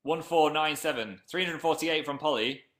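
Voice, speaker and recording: The speaker is a young man with a Northern English accent who chats casually on a live stream and reads viewers' comments aloud. His pitch is fairly high, his pace moderate and his tone fairly bright, with an echoey room around him.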